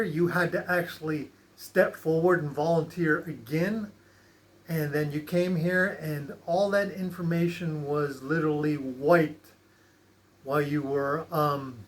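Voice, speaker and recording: A man's voice: fairly high pitch, a bit bright. A man hosting a spiritual channel, talking casually with many fillers and restarts. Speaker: channel host.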